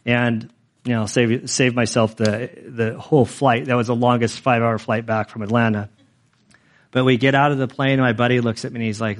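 A man's voice: medium pitch, level tone, a little fast. A man in his forties, a pastor telling his own story in a sermon, earnest and rambling, with many fillers. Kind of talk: sermon testimony.

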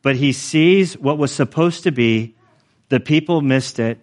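A man preaching a sermon in a relaxed, conversational way, with light self-deprecating asides. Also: mid-range voice, measured pace. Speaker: pastor.

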